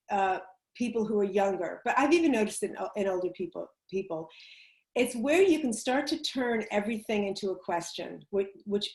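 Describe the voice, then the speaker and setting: A female public speaking coach gives chatty, emphatic advice on a video call, laughing easily as she explains. Her voice is medium-pitched with a darkish tone, and the call has a roomy echo.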